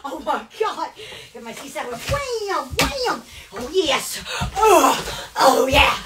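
A woman's voice: sits high, lively intonation, slow pace, loud music behind the voice. A woman chatting on a phone livestream, giddy and rambling, constantly exclaiming and laughing between phrases. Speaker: social media livestreamer. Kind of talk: rambling live-stream chat.

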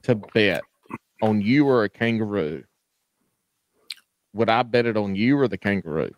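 A man's voice: fairly low pitch, lively intonation, no room sound. Rambling joking male podcast host. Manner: drawn-out stalling in its phrasing. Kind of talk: casual interview chat.

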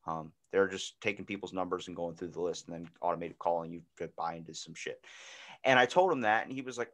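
A man hosting a podcast in casual chat, telling stories with lively acted-out voices and plenty of swearing. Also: sits low, quick pace. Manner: animated storyteller acting out voices, swears freely. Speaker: podcast host.

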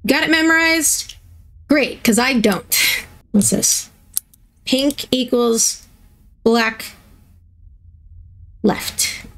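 A woman's voice: fairly high pitch, vocal fry. A woman hosting a gaming video, giving chatty let's-play commentary and playfully reacting to herself as she plays.

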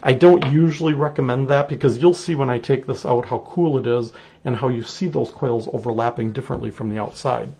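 A middle-aged man with a Wisconsin accent walks through a clay project step by step. His voice has a gravelly edge, and he talks in a relaxed, chatty way as he works. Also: mid-range voice, brisk. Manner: relaxed, chatty, explains while working. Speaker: clay artist teaching a technique. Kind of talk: casual live demonstration.

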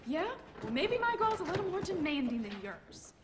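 A woman's voice: very high-pitched, very animated, normal speed, very noisy. An actress playing a young ballet dancer defending her eating habits, curt and defensive in a film scene. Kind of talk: film drama dialogue.

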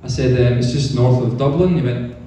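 A man with a Scottish accent doing a stand-up comedy set with deadpan storytelling. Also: mid-range voice, a little fast, heavy reverb, distant mic, noisy background. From Scotland. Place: hotel pub stage.

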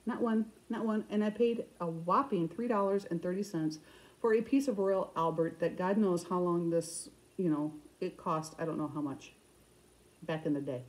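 A middle-aged woman with a Michigan accent, chatting fast and loosely to camera about her cross stitch projects, often restarting her sentences. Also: lowish voice, a little mellow, low-quality recording. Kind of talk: casual chat to camera.

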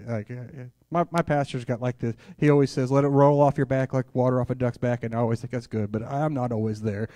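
A man's voice: mid-range voice, fairly even intonation, quick pace, few pauses, warm tone, dry recording. Guy preaching at a church conference, candid chatty storytelling, keeps saying hallelujah, pretty dry sound. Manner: sprinkles in hallelujah. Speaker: guest preacher. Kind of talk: sermon.

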